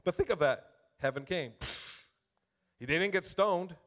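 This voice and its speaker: A man preaching a sermon, reading scripture aloud and talking to the congregation in a casual, animated way. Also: high-pitched, measured pace. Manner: animated, conversational, addresses congregation directly; reads scripture aloud with rising emphasis.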